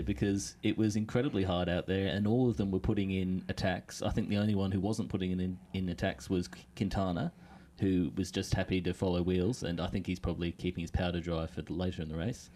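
Deep voiced guy on a podcast, mellow tone, pushes back firmly on critics. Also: steady tone, quick pace. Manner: firm, opinionated. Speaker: cycling pundit. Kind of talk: casual panel chat.

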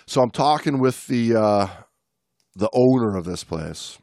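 A man's voice: medium pitch, animated, measured pace, darkish tone, no echo, clean studio sound. A man co-hosting a podcast, telling stories in casual chat with many restarts and laughs. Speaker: podcast co-host.

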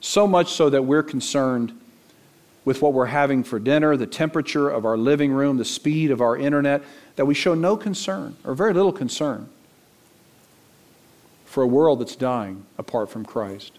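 A man's voice: medium pitch, expressive, moderate pace, darkish tone. A middle-aged male pastor preaching a sermon, his voice climbing for emphasis.

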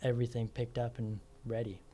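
A man's voice: mid-range voice, little pitch movement, brisk, dark tone, a little hiss or hum. A man who runs a hauling business, a guest on a radio show, explaining things in a plain, matter-of-fact way. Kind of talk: casual radio interview.

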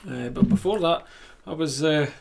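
A man's voice: on the high side, moderate pace, creaky. A man, a podcast guest telling a rambling, chatty story full of restarts. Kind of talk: casual chat, anecdote telling.

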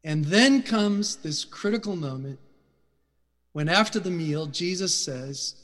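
Brief: middle-aged male preacher, fervent and emphatic, fairly high voice, echoing sanctuary. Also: animated, slow. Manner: passionate, loud and emphatic. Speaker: guest speaker. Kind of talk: sermon. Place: church sanctuary. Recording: reverberant church hall.

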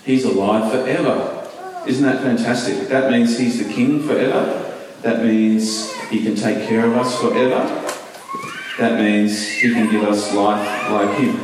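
A man giving a children's talk in church, asking questions and telling the story with lively energy. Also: medium pitch, measured pace, noisy background. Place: large church hall. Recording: echoey hall, mic at a distance.

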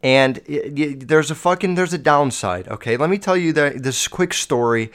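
Profane animated man hosting a podcast. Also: fairly high pitch, normal speed. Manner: profane, animated storytelling with acted-out voices. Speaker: podcast host. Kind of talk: casual solo podcast monologue.

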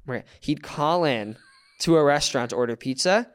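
A man's voice: on the high side, expressive, normal speed. A man from the US, a comedian, telling stories in a casual chat and laughing as he goes. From United States. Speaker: comedian guest.

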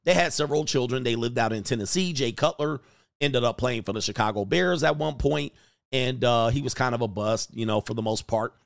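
A man's voice: medium pitch, brisk, gravelly, no room sound, studio quality. A man hosting a reaction commentary show, talking in a crude, joking, mocking way.

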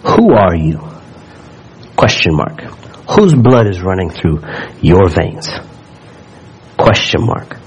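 Pastor type, male, husky and somewhat low voice, animated storyteller who repeats himself and keeps checking in with the congregation. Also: slow, long pauses, dull audio. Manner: animated storytelling with frequent asides and questions to the congregation; repeats words when building up. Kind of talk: sermon.

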